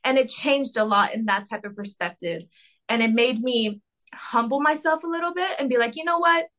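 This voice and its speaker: Bright chatty young woman on a call. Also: moderate pace. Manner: chatty, filler-heavy with lots of "like" and "um"; acts out quotes in a high mocking voice. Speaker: interview guest. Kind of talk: casual interview chat.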